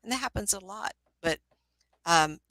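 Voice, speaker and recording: An older woman doing psychic readings in a relaxed, chatty way, motherly and calling people honey. Her voice is gravelly with a bright, sharp edge. The sound is close and dry. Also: mid-range voice, normal speed, no echo, low-quality recording. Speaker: psychic medium. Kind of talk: casual live-stream reading.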